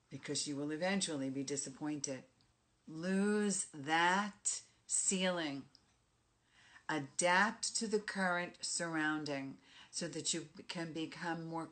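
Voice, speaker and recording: A low, slightly bright voice belongs to a middle-aged woman from the Bronx with a New York accent, working as a life coach. In her motivational monologue she stays direct and emphatic, punching out the key phrases.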